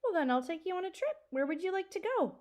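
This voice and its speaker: A woman voicing a gentle, grateful baby male dragon in a storybook read-aloud, in a friendly, eager voice. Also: very high-pitched, sing-song, fast talker, pitched above the performer's own voice.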